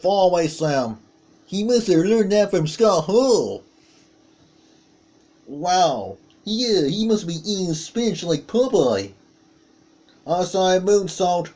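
A man doing play-by-play commentary on a wrestling match, calling out moves with excited exclamations. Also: sits high, slow pace, long pauses.

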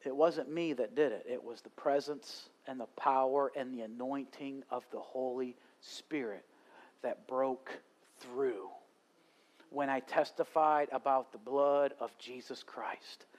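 A man's voice: medium pitch, fairly even intonation, unhurried, a little mellow. A male pastor preaching at a live church service, telling a story and rising to fervent preaching. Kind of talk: sermon.

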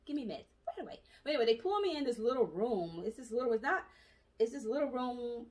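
A young adult woman telling her story in a casual, animated vlog, chatty and full of asides. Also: fairly high pitch, fast talker. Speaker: vlogger. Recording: voice distant from the mic.

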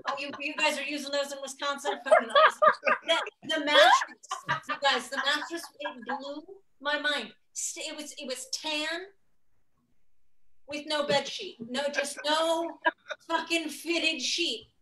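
A young woman tells a stand-up set over a video call, with a high voice. Her tone is bright and sharp. She is animated and profane and laughs through her own stories. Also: unhurried, slight background noise. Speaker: stand-up comedian.

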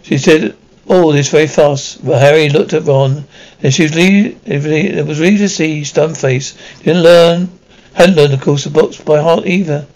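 A man's voice: fairly high pitch, steady tone, normal speed, darkish tone, poor audio. A man reading a children's novel aloud, stumbling and restarting words often. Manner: reads with frequent slips and restarts. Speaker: audiobook reader.

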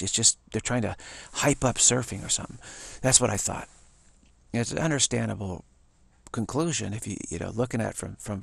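A man talking in a casual, rambling monologue, often restarting his words and growing excited as he goes. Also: on the low side, creaky, breathy edge, no room sound. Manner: excited, animated. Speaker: talk host.

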